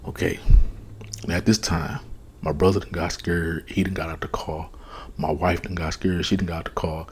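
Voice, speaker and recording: A man with a very breathy, soft voice, slowly telling a personal testimony as ASMR. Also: low voice, level tone. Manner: slow, hushed, earnest retelling. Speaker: storyteller.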